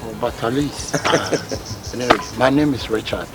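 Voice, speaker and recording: A man speaks in an ordinary mid-range voice. He greets people slowly and hesitantly. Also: medium pitch, over loud music.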